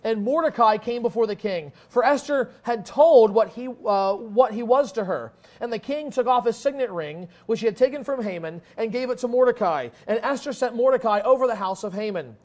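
A man delivers a sermon in a fairly high voice, reading scripture aloud with dramatic weight. Between readings he explains the text in a looser, conversational way with small restarts. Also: lively intonation, a little fast, hardly any pauses, darkish tone. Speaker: preacher.

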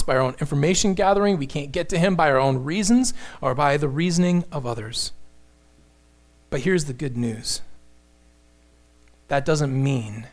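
A man preaching a sermon, emphatic and impassioned, moving between loud declarations and hushed, slow lines. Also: fairly high pitch.

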